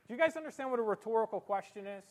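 High-voiced, animated preaching man. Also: racing. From Italian heritage. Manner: animated, with comic voices and exaggerated sarcastic delivery. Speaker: pastor. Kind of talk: sermon. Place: church.

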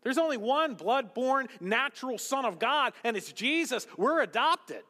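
High, lively preacher man in a reverberant hall. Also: unhurried. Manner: animated, swings from loud emphasis to hushed asides. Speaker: pastor. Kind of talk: sermon.

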